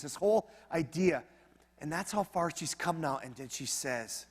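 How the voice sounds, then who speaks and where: Animated male pastor in a reverberant hall. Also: sits high, a little fast. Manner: conversational, animated preaching with asides. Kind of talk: sermon.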